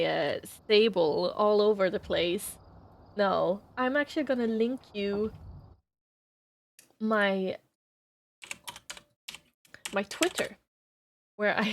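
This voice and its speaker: A woman livestreamer chatting casually with her viewers, playful and quick to laugh as she greets them by name. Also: mid-range voice. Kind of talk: casual chat with stream viewers.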